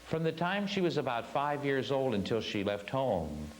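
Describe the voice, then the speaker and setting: A man's voice: medium pitch, very animated, moderate pace, a little hiss or hum, low-quality recording. A man teaching a spiritual class, telling a story earnestly and stressing his points with repeated phrases.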